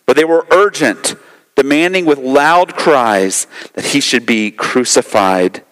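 A man's voice: medium pitch, animated, slow, a bit bright, long reverb tail, rough recording. A male pastor giving a sermon, emphatic and repeating key phrases for effect.

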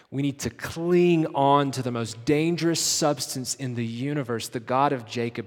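A man preaching a sermon with passion, rising to loud emphasis and dropping to hushed, intimate lines. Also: mid-range voice, long reverb tail. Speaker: pastor.

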